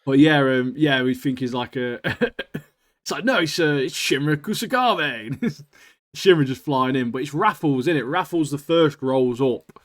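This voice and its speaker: A man's voice: mid-range voice, moderate pace. Laughing man chatting casually. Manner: laughing, slangy, says "mate" a lot. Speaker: podcast co-host. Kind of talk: casual chat.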